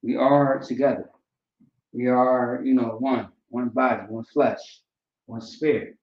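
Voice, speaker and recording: A man teaching a language class in a casual, relaxed way, often checking in with "right?" and "you know". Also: medium pitch, a little slow. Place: classroom, writing on a board. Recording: roomy, distant, dull lo-fi sound.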